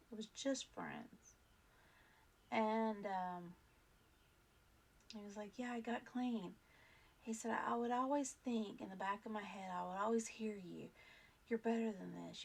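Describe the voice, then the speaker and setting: A woman's voice: mid-range voice, vocal fry. A woman vlog host telling a personal story in a casual, earnest, rambling way, full of fillers and restarts.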